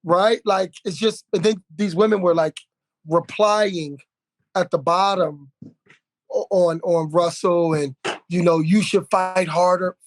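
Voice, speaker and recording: A man with a fairly high voice telling a story animatedly on a podcast. He sounds indignant, with restless rhythm and many restarts as he works through his point. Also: fairly even intonation, slow. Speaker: podcast conversation partner. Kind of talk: casual podcast conversation.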